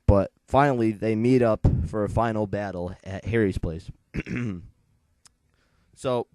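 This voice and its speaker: A man's voice: on the low side, steady tone, slow pace, darkish tone, no echo, faint music behind. A young man in his late teens, chatting casually as he reviews a comic book and retells its plot in a rambling, digressive way.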